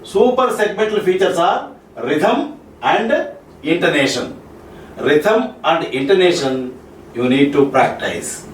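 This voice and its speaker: A man with an Indian English accent giving a classroom lecture on spoken English, repeating each point and checking with "Okay?" and "Clear?". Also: on the high side, lively intonation, takes it slowly, a little hiss or hum. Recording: roomy echo, mic far off, faint ambience.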